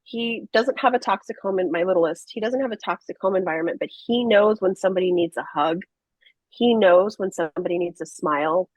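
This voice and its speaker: A woman's voice: medium pitch, fairly quick, no room sound, rough recording. A middle-aged woman telling her story as a podcast guest, earnest and emphatic, with many restarts. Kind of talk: candid conversational storytelling.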